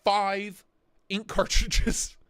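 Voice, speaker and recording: With a high-pitched, level tone and drawn-out words, a man in his thirties hosts a livestream against crowd noise. He rambles and chats casually, joking and swearing, and complains of a sore neck and back.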